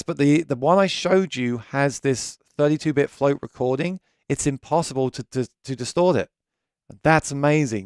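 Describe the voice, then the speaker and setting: British guy rambling about gear on a livestream, a bit gravelly, smooth tone. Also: medium pitch, a little mellow, no echo, studio quality. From Britain. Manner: chatty, rambling, self-correcting. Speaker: gear channel host. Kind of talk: live stream chat. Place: home studio room.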